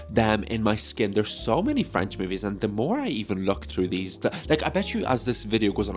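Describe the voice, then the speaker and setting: A man chatting casually in a movie vlog, joking and swearing freely, recorded on a phone mic. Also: fairly low pitch. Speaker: movie review vlogger.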